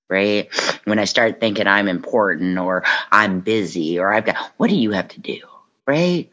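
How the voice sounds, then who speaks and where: A woman from Kentucky giving a personal recovery talk, telling stories with lively acted-out dialogue. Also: extremely low pitch, normal speed, muffled recording. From Kentucky, USA. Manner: animated storytelling, acts out quoted voices. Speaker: speaker at a recovery convention. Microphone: online talk.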